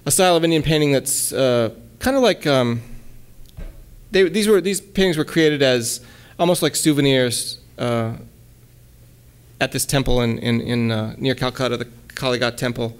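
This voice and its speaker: A man giving a relaxed lecture at a college, hesitating often with ums and restarts and reading his own poems aloud. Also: medium pitch, normal speed, clean tone. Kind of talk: casual lecture with poem readings.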